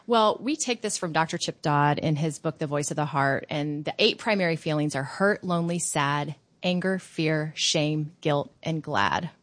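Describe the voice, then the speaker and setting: A woman being interviewed as a guest author, telling stories in an animated, chatty way. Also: sits low, normal speed, hardly any pauses. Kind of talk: casual interview chat.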